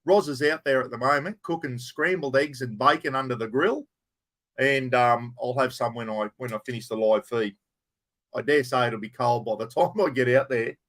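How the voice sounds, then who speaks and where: A man's voice: mid-range voice, normal speed, fairly bright tone. A middle-aged man with an Australian accent, hosting a casual live chat, greeting viewers by name and swearing in an easy way. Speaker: livestream host. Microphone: plugged-in microphone.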